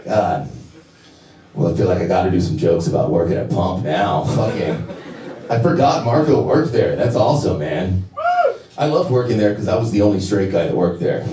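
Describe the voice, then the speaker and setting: A man in his thirties doing a crude, brash stand-up set with deadpan asides on a comedy club stage. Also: sits low, brisk, over a noisy crowd. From United States. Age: 30s. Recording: roomy club audio from a distance. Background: audience laughter.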